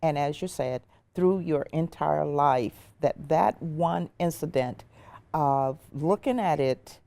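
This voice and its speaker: A woman hosting an interview show, asking measured, thoughtful questions. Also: low-pitched, vocal fry, warm tone. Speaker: talk show host.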